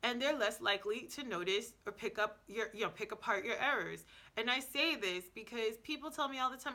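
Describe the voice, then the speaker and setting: A woman vlogger talks through language tips in a loose, casual way. Her voice is bright and forward, and she keeps it conversational with plenty of "like"s, quick restarts and playful asides. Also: fairly high pitch. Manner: chatty, many "like"s and self-corrections. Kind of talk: casual advice vlog.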